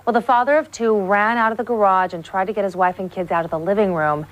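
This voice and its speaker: Woman, news anchor, clear even scripted reading, middle pitch. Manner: clear, measured delivery.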